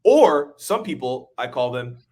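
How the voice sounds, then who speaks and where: A young adult man hosting a webinar, talking in an energetic, quick way and laughing easily. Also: medium pitch. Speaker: webinar host. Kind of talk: casual webinar chat.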